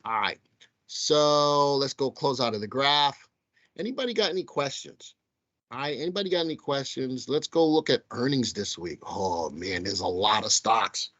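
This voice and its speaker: A man's voice: mid-range voice, moderate pace, fairly bright tone, lo-fi sound. A man with a Southern accent hosting a live stock market show, talking casually to viewers he calls folks. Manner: chatty, addresses viewers as folks. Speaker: stock market livestream host. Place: studio.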